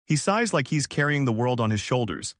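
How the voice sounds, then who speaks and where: Narrator: male, animated dramatic storyteller, dry close voice, mid pitch. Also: fairly quick, no echo. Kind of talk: scripted first-person narration.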